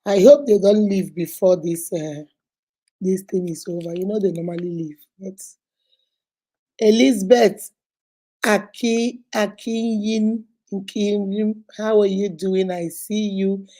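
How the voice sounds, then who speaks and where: A woman's voice: mid-range voice, steady tone, slow, warm tone. A woman in her fifties hosting a casual live stream, chatting, laughing often and greeting viewers one by one. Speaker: host.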